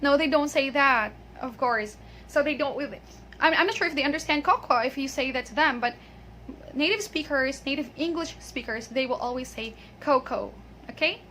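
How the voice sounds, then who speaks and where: A woman with a high voice leads a pronunciation lesson, drilling one word at a time. Her tone is bright and clear. She repeats words slowly so the listener can copy them. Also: a little hiss or hum. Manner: patient, drills words and checks with "okay?". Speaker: English pronunciation teacher.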